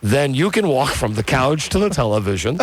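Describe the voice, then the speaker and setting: A man's voice: mid-range voice, big pitch swings, a little fast, slightly rough. A man hosting a talk radio show. He jokes and tells stories and laughs often. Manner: jokey, storytelling, laughs often. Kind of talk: casual talk radio banter.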